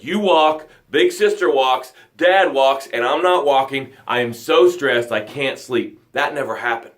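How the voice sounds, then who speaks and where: A man hosts a live motivational show in a fairly high voice. He preaches with dramatic, energetic emphasis and chanted phrases. Now and then he slows and sinks to a near whisper to drive a point home.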